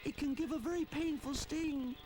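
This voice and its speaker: A British storyteller voicing a small, eager, polite boy bear in a storybook video, with excited high cries. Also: normal speed, lightly acted.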